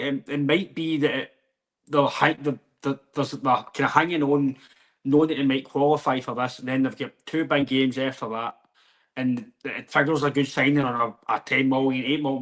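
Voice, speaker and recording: A man's voice: medium pitch, fairly bright tone. A Scottish man co-hosting a casual football podcast, talking in a conversational, hesitant way that often trails off. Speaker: podcast co-host.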